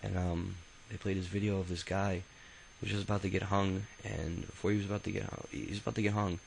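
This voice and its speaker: A man with a very low, gravelly voice tells his own life story like a loose, unscripted chat. He rambles, curses casually, and keeps stumbling over fillers and restarts. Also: level tone, a little fast, a little hiss or hum, rough recording. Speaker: autobiography narrator. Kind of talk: casual spoken memoir.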